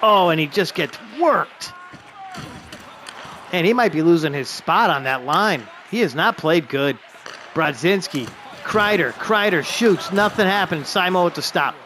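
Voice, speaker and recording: A man giving excited play-by-play of a hockey video game he is playing, openly rooting for his team. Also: high voice, a little slow, a little hiss or hum.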